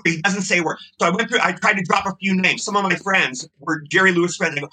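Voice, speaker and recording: High, bright, fast-talking man. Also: low-quality recording. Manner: effusive, gushing enthusiasm. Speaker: guest actor. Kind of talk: casual interview storytelling.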